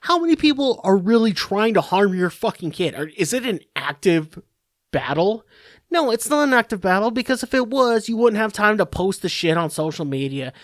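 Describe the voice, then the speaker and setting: A man hosting a podcast, ranting alone in a profane, exasperated way with halting restarts. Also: high-pitched, big pitch swings, no room sound, clean studio sound. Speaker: podcast host. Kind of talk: solo comedic rant.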